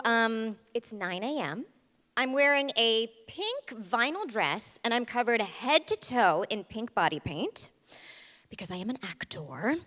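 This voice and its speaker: A young woman performing a comic stage monologue, animated and self-mocking. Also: a little high. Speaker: storyteller performer. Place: theater stage. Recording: long theater reverb.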